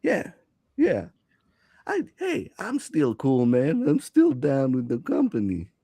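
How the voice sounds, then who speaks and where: A man's voice: a little high, wildly swooping pitch, takes it slowly, creaky, mellow, husky, no room sound. A man playing in a tabletop game who speaks hesitantly, with lots of fillers and restarts. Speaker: player. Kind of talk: in-character tabletop play.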